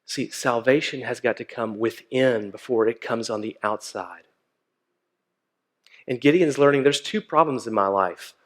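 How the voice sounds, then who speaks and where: A man preaching a sermon in a conversational way, with frequent fillers and restarts. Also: mid-range voice. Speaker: pastor.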